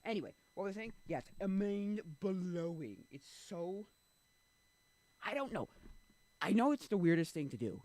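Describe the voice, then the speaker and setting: Rambling, lively-voiced young man streaming. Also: high-pitched, moderate pace, pauses often, no room sound. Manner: rambling, musing aloud with many restarts. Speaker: live streamer. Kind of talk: casual chat.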